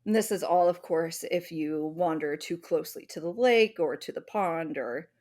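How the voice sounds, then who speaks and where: A woman co-hosting a podcast, presenting the episode's topic in casual chat, animated and swearing freely. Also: low-pitched, normal speed. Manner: animated, swears freely, acts out little voices.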